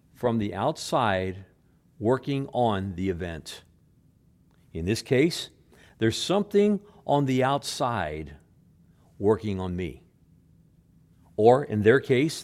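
The male preacher's delivery moves back and forth between emphatic, loud statements and soft, low asides; he repeats words a lot and acts out quotations quietly.

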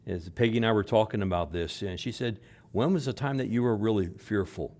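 Man preaching, hushed to emphatic. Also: on the low side, fairly quick. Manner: repeats phrases for emphasis, swings from loud to hushed. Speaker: pastor. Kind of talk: sermon.

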